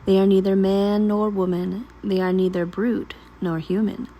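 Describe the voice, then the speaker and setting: A woman vlogger reading a poem aloud while cooking at home in her kitchen, in a slow, emphatic recital that draws out repeated words. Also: mid-range voice, steady tone, warm tone, a little hiss or hum, low-quality recording. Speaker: vlogger and mother of a large family. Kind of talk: dramatic poetry reading.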